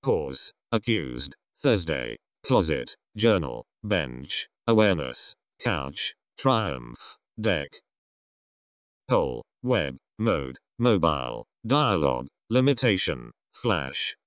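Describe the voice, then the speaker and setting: A man reading a vocabulary list aloud, one word at a time with pauses between. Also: rumbling low, sing-song, fairly bright tone, no echo, studio quality. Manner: isolated words with pauses between.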